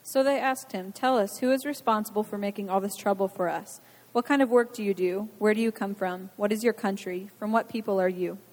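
Female scripture reader, steady and measured, long hall reverb. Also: medium pitch. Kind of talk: reading scripture aloud.

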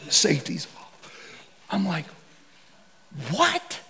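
Brief: high-voiced gravelly man, comic preacher telling safari tales. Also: normal speed, slight background noise. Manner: animated, shouts and laughs through stories. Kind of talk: comedic sermon storytelling.

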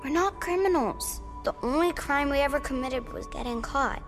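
A woman voicing a hurt young alien girl in an animated series, speaking slowly and reproachfully. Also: high voice. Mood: accusing. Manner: slow and reproachful. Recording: animated show clip with music.

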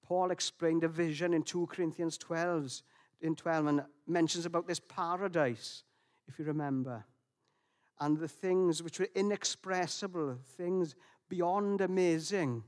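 A man gives a sermon in a fairly high voice. He talks in a gentle, reflective way, often restarting his phrases and pausing on fillers. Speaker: preacher.

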